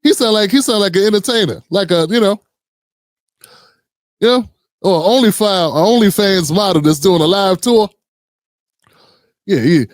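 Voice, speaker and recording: A man's voice: high voice, normal speed, pauses often, dry recording, studio quality. A man hosting a reaction commentary show, blunt and sarcastic, talking straight to his viewers. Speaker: commentary host.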